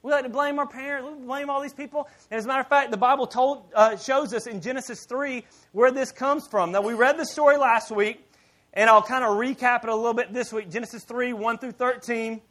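A man preaching a sermon in church as pastor, animated and joking with the congregation. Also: very high-pitched, fairly quick.

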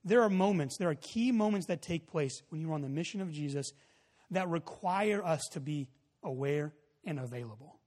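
A man preaching a sermon, telling a story in a loose, casual way with many fillers, then building to loud emphasis. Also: on the high side, lively intonation, normal speed. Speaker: pastor. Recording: long hall reverb.

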